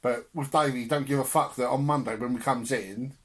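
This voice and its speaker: A man's voice: medium pitch, steady tone, fairly quick, fairly bright tone. A young man on a podcast telling family stories with laughter and swearing in casual chat. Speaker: podcast co-host.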